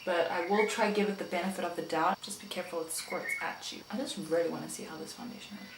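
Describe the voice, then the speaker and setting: A woman's voice: on the low side, fast talker. A young woman from South Africa chats her way through a makeup tutorial, playful and joking with herself. Her voice sits in a roomy, echoey space with a faint hiss of background noise. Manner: chatty and playful, talks to herself and the viewers. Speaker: beauty vlogger. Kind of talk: casual makeup tutorial chat.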